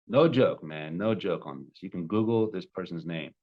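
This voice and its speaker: A man in his twenties, a love coach, telling a personal story with animated, emotional bursts. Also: deep voice, moderate pace, muffled recording. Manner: emotional, animated retelling with sudden loud peaks.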